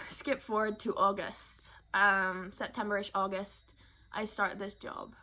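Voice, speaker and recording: A woman's voice: mid-range voice, flat delivery, unhurried, sharp tone. A young woman from Barbados, talking candidly to camera about her life in a rambling, emotional way. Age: young adult. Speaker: vlogger. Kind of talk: personal talk to camera.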